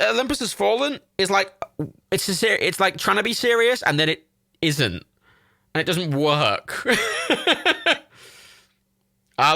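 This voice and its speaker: A man's voice: medium pitch, pushed and bright, dry recording, clean studio sound. A young man in his twenties from Ireland, hosting a livestream and chatting casually and enthusiastically about films, with lots of fillers and swearing. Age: 20s. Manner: rambling, enthusiastic, swears freely, many fillers. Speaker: livestream host. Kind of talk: casual chat while browsing films.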